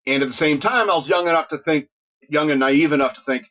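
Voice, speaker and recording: A man's voice: fairly high pitch, fast, a bit bright. A middle-aged man hosting a talk radio show, rambling casually, joking, laughing often and restarting his words.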